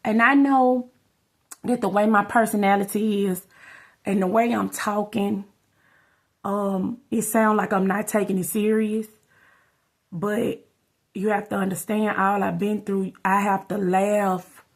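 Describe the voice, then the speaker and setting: A woman's voice: medium pitch, level tone, measured pace. Woman rambling to camera, keeps saying y'all, casual storytime. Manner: rambling, addresses viewers as y'all. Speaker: vlogger.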